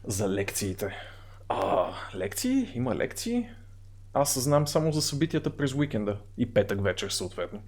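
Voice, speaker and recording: A man's voice: mid-range voice, big pitch swings, normal speed, a little mellow. A man streaming a game, reading its text aloud and chatting. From Bulgaria. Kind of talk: live-stream game narration and chat.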